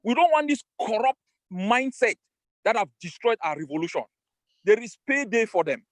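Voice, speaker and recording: A man's voice: high voice, expressive, normal speed, no echo. A man with a Cameroonian accent, a political leader giving an emphatic, defiant rallying speech over a video call. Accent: Cameroonian English. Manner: emphatic, defiant, repeats phrases for force.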